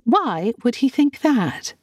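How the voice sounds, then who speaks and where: A woman voicing a lively, teasing young sister in an audiobook, eager and bubbly. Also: on the high side, slow, husky, no echo, studio quality, pitched above the performer's own voice, exaggerated voice.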